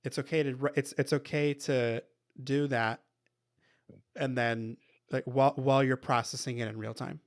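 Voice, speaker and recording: A man hosting a casual interview, speaking supportively to an old friend with halting restarts. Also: medium pitch, fairly even intonation. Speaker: podcast host.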